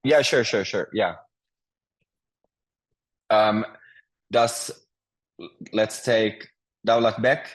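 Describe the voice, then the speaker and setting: A man's voice: on the low side, drawn-out words, long pauses, rough recording. Patient male language teacher on a video call. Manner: patient, hesitant, many fillers and restarts. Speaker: Finnish teacher. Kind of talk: online language lesson over Zoom. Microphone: video call mic.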